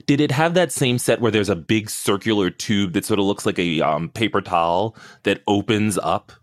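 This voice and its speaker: A man's voice: on the low side, normal speed, no echo. A man co-hosting a podcast in casual, gossipy chat, swearing freely. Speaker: podcast co-host.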